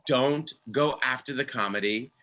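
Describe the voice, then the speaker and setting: A man's voice: mid-range voice, pushed and bright. Earnest man telling a theater story. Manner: earnest, halting, with many restarts. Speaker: original cast member and director. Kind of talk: casual storytelling on a video call. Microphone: video call microphone.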